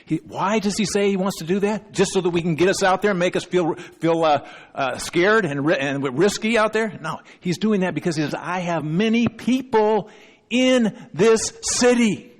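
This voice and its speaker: A middle-aged male pastor delivers an emphatic sermon, his voice sitting somewhat high for a man. He keeps pausing to check in with his congregation. The recording carries the long reverb of a church hall. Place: church sanctuary.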